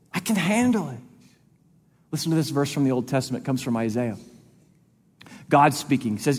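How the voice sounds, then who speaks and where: A man's voice: mid-range voice, sing-song, normal speed, pauses often, slightly rough. A male pastor preaching a sermon in an earnest, conversational way, repeating phrases for emphasis. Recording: long reverb of a large hall.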